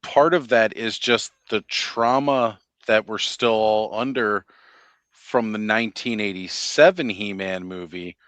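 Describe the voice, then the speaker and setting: A man co-hosting a casual chat, his low voice bright and forceful. He talks eagerly with plenty of fillers, recorded close and dry with no room sound. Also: a little slow, clear, resonant tone, no echo. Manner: enthusiastic, chatty, many fillers. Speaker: podcast co-host.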